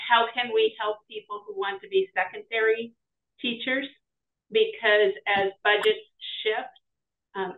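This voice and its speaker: A woman's voice: mid-range voice, recorded from a distance. Woman on a tinny, echoey call. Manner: conversational, with frequent "like" and "um". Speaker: webinar panelist, residency program leader. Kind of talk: conversational panel remarks. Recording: tinny, phone-like, echoey, off-mic.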